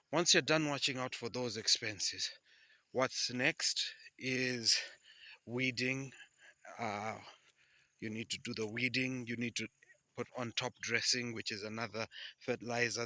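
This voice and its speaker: Bright, emphatic man vlogging on foot. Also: medium pitch, dry recording. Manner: upbeat, emphatic, repeats key advice. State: slightly out of breath from walking. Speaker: farming vlogger. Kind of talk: casual instructional vlog.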